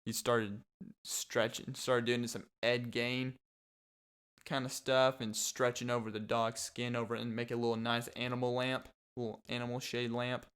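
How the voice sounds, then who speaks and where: A man's voice: medium pitch, flat delivery, normal speed, fairly bright tone, clear, resonant tone. A young man hosting a podcast, rambling through a comedic monologue with sarcastic, mocking asides and frequent laughter. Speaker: podcast host.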